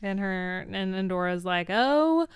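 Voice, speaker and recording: Crisp-voiced young woman podcast co-host. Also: mid-range voice, moderate pace, fairly bright tone, no echo, clean studio sound. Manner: enthusiastic, quotes characters, mock-exasperated commentary. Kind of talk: casual chat recapping a TV episode.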